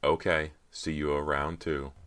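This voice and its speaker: A man with a very deep voice reading the lines of a loyal, anxious teenage boyfriend who speaks earnestly and urgently. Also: flat delivery, a little slow, fairly bright tone.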